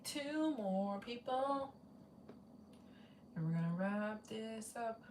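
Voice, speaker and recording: A woman's voice: fairly high pitch, lively intonation, takes it slowly, darkish tone, roomy sound, far from the mic, slight background noise. A woman travel vlogger chatting casually on a fundraiser live stream. She rambles, repeats herself and reads out donations.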